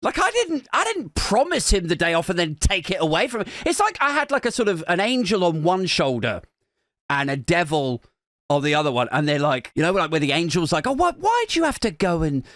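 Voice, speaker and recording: A man's voice: fairly high pitch, very animated, a little fast, fairly bright tone, no room sound, clean studio sound. A young man hosting a podcast, telling a comic, self-mocking story in a rambling way, with lots of "like". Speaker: podcast host. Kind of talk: comic monologue.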